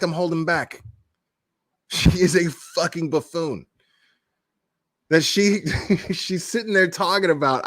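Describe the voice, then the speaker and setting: A man's voice: sits high, a bit bright. Heated, blunt man ranting. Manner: blunt, heated and profane, with laughing asides. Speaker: crime commentary YouTuber. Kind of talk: casual vlog rant.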